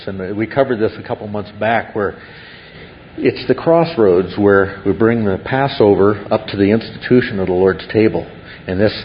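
A man's voice: fairly low pitch, highs cut off, a little hiss or hum. A man preaching a sermon as pastor, earnest and building to exclaimed wonder.

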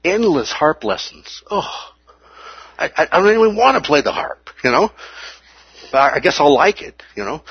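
Lively man preaching, dull lo-fi sound. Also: fairly high pitch, husky, no echo. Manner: animated, with playful asides and acted-out exclamations. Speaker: Bible teacher. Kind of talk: sermon.

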